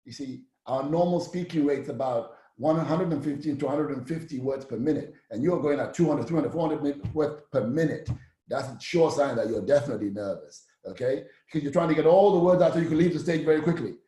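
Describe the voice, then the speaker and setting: A man coaching public speaking in a live-streamed teaching talk, energetic and emphatic, often checking in with the listener. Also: on the high side, brisk, reverberant.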